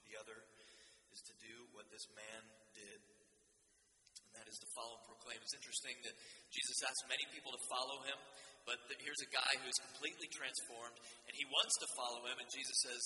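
A man's voice: medium pitch, fairly even intonation, fast, bright, forceful tone. A man preaching a sermon in an earnest way, often restarting his sentences and building emphasis as he goes. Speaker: pastor. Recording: roomy hall with long reverb.

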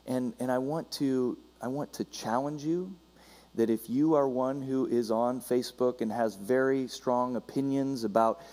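Male pastor, mid-pitched, conversational sermon delivery with restarts, recorded in a long-reverb church hall. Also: fairly even intonation, a little slow, mellow. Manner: conversational preaching with frequent restarts and asides.

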